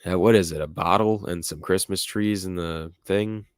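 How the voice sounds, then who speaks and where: A young man with a low, deep voice hosts a casual livestream, reading viewer comments and chatting loosely with plenty of "like" and "uh". The recording is dry and close, with little room sound. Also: moderate pace, clean tone, no room sound. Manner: rambling, filler-heavy, laughs at chat comments. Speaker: livestream host reading chat. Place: home room with music playing nearby.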